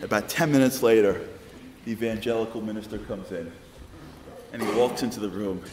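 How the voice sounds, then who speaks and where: A man with a New York accent telling a lively comic story in a public lecture. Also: on the low side, brisk, long pauses, echoey room, in a large hall, heavy background noise. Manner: animated, comic storytelling with acted-out quotes. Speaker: public speaker. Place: large congregation hall with audience.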